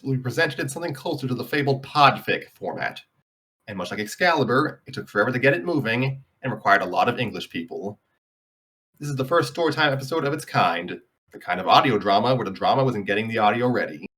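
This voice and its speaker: A man's voice: medium pitch, lively intonation, fast, fairly bright tone. A man hosting a story show and narrating a fan story, with dry, self-mocking humor. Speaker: host and narrator.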